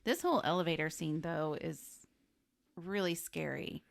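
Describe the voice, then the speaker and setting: A woman's voice: low voice, normal speed, gravelly. A woman co-hosting a podcast, chatting about a film with short wry remarks and questions. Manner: dry short interjections and wry asides. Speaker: podcast co-host. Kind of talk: casual movie recap chat.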